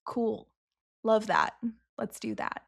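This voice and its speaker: Giggly, self-deprecating female podcast co-host in relaxed, chatty talk. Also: on the high side, slow pace, gravelly, slightly rough. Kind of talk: casual podcast chat.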